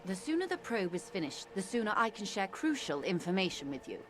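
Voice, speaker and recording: An actress playing a composed, formal middle-aged negotiator in a video game, speaking with measured, precise diction. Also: female voice, medium pitch, sing-song, noisy background, natural voice.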